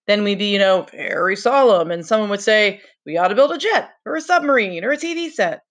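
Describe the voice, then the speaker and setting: A woman's voice: medium pitch, very animated, a little fast, fairly bright tone, pitched above the performer's own voice. Casting note: exasperated boy chief, emphatic, read by a woman. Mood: frustrated. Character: earnest boy leader, frustrated.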